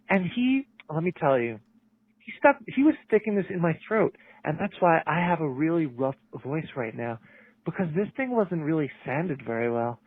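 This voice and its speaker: A man voicing a crude, brash woman caller who is hoarse and wheezy. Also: on the high side. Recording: tinny phone voicemail.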